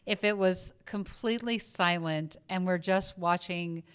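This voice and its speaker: A woman's voice: fairly low pitch, a little slow, smooth. A woman with a subtle Southern US accent, co-hosting a casual film review podcast and thinking aloud with many fillers and restarts. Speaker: podcast co-host.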